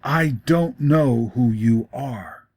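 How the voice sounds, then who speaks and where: A man's voice: mid-range voice, takes it slowly, darkish tone, breathy edge, no room sound, studio quality. A man voicing a young man caught between temptation and a promise, pleading and crying out in a storybook reading. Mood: whispering. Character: young man, torn and desperate.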